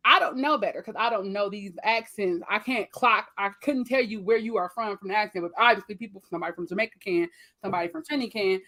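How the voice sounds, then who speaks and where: A woman with features chatting casually on a panel, acting out what people say in lively voices. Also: a little high, fast. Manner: animated, quotes people in voices.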